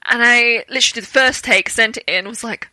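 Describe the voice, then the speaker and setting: A young woman from Britain chats as an interview guest, telling her stories with lively acted-out quotes. Her voice is bright and sharp, a little high, and recorded dry and close. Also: brisk, no echo. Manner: animated storytelling with acted-out quotes and laughter. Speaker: guest, actor. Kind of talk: casual interview chat.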